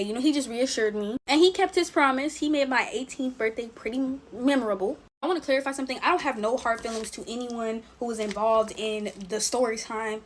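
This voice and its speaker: A young adult woman narrating a personal story in a casual storytime style, animated and emphatic. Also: on the high side, a little fast, few pauses, a little hiss or hum.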